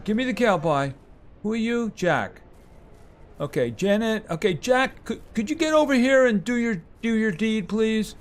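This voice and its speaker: Guy streaming a ranch game, kinda high voice, goes up and down a lot, chats w viewers. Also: very animated, normal speed, a little hiss or hum. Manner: chatty, talks to game animals and reads chat aloud. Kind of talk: live gameplay commentary, chatting with viewers.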